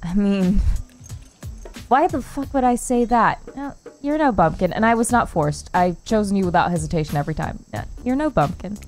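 Animated, self-mocking woman streamer. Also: medium pitch, normal speed. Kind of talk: casual game commentary. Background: faint game music.

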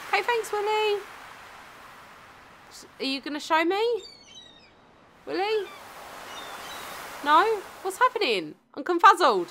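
Giggly, excitable woman gamer. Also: very high-pitched, slow, long pauses, slight background noise. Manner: giggly, excitable, self-mocking. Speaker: gaming channel host. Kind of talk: let's play commentary.

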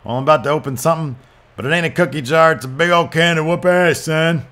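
A man voicing a brash male wrestler who taunts and shouts through a promo, reading it out over gameplay. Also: fairly high pitch, fast talker, pitched above the performer's own voice. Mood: taunting. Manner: cocky, taunting, shouting at the crowd.

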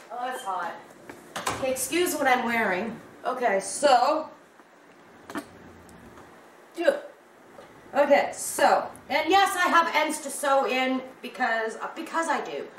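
A woman's voice: high voice, a bit bright, a little hiss or hum. Chatty Canadian woman in an echoey room. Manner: chatty and rambling, addresses viewers as guys. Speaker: crochet vlogger. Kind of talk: casual chat to camera. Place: at home in a warm room.

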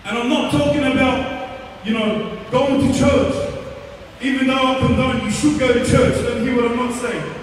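A man preaching an impassioned altar-call sermon at a concert, rising to shouts, recorded from a distance in a large hall with music underneath. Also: very high voice, slight background noise. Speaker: evangelist. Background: music playing under the sermon.

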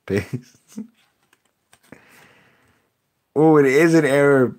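A young man with a slightly low voice chats casually with his stream audience. He jokes sarcastically and laughs often as he talks. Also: a little mellow. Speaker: streamer opening card packs. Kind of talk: casual live-stream chat.

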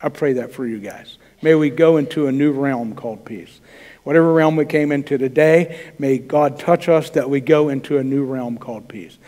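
A man's voice: mid-range voice, moderate pace, mellow. Preacher man in a reverberant church. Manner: conversational preaching with quoted dialogue. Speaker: pastor. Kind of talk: sermon. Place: church sanctuary.

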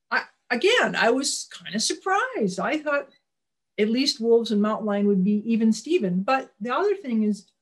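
A woman talks an audience through a wildlife slide presentation in a relaxed, folksy way. Her pitch sits in a middle range, and she often restarts her sentences and calls out for the next slide. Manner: folksy, plainspoken.

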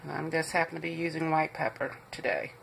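A woman's voice: deep voice, brisk, vocal fry, fairly bright tone, slight background noise. A woman hosting a home cooking show, walking viewers through a recipe in a chatty, reassuring way and calling them "guys".

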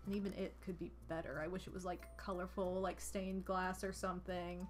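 A woman's voice: fairly low pitch, little pitch movement, a little fast. A woman streamer chatting casually while she plays, rambling with lots of "like" and gushing thanks to donors. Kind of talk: casual gameplay chat. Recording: music playing behind.

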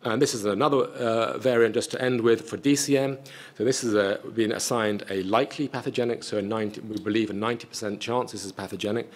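A man presenting a scientific conference talk and then answering audience questions in a measured, technical way with frequent restarts. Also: lowish voice, fairly even intonation.

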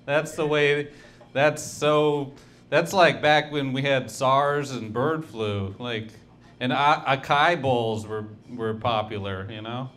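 A man doing a stand-up set with a halting, rambling delivery, trailing off and restarting his jokes. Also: medium pitch, a bit bright. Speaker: stand-up comedian.

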